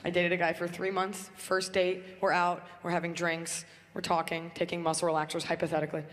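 A young woman from Southern California doing a stand-up comedy set on a club stage, brash and deadpan, acting out shrill squealing quarrels. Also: brisk. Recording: big hall reverb with audience noise.

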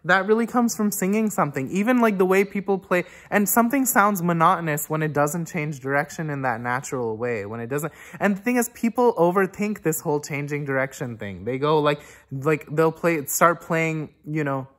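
A woman's voice: sits low, lively intonation, moderate pace, hardly any pauses. A woman teaching music in a casual, rambling way, reflecting aloud and humming phrases on syllables to show how they should flow. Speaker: oboe teacher. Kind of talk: casual spoken music lesson.

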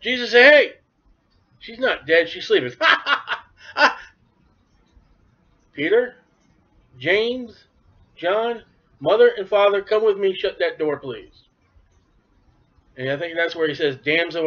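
Animated preacher man, high voice, lo-fi. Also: measured pace, pauses often. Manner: animated, acts out biblical voices. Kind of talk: sermon. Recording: dull lo-fi recording.

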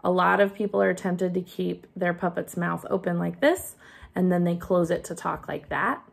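A woman teacher giving a gentle, hands-on craft lesson for young children while she demonstrates each step. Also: on the low side, normal speed, creaky, husky.

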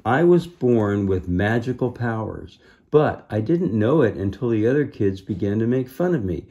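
A man voicing a frightened young boy with secret magic powers, speaking high, loud and pleading. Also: lively intonation, moderate pace, dull audio. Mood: distraught.

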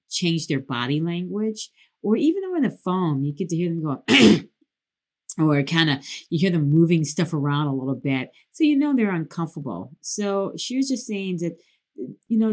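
Woman, from Detroit, podcast host, casual storytelling, lowish voice, very lively intonation. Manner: animated, acts out quotes in a lively higher voice.

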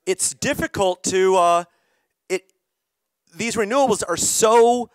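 Workshop leader, middle-aged man, voice going hoarse, slightly high pitch, draws in the audience. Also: dry recording. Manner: engaging, calls on audience members. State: losing his voice, coughing. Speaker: climate workshop presenter. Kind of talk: interactive workshop presentation.

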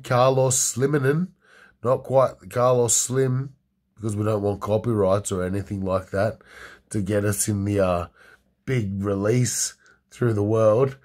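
A man's voice: lowish voice, darkish tone. A young man casually telling a crude story, rambling with many fillers.

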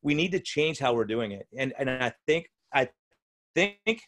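A man's voice: medium pitch, animated, moderate pace, fairly bright tone. A male physician and podcast host in casual conversation at home, enthusiastic and rambling, often restarting his sentences. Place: room at home.

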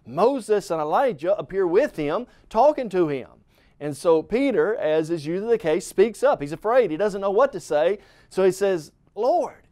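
Earnest middle-aged male preacher, a little high-pitched, emphatic delivery with rising and falling volume. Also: a little mellow, no room sound. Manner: addresses the listener as "friend". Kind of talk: televised Bible lesson.

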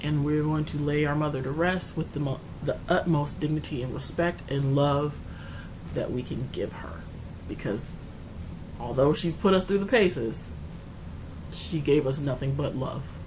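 A woman's voice: deep voice, a little slow, background noise. Grieving woman talking to camera. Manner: grieving, rambling, restarts often, swings between quiet and loud. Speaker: beauty vlogger. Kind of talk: casual personal talk to camera. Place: her apartment.

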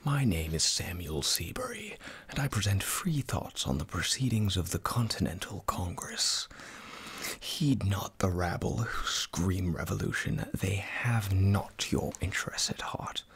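A preachy, pompous clergyman with an Australian accent, as a man whispers him in whispered role-play. The whisper is low and gravelly, with a husky grain. He lectures slowly. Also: expressive, a bit bright, exaggerated voice. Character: pompous loyalist male clergyman.

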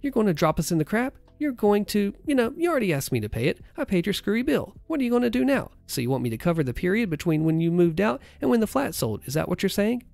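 A man's voice: high-pitched, big pitch swings, fast, gravelly, hardly any pauses, a little mellow, no echo, voice pushed up, full character voice. A man voicing an angry middle-aged mother in a story reading, indignant and accusing, repeating herself.

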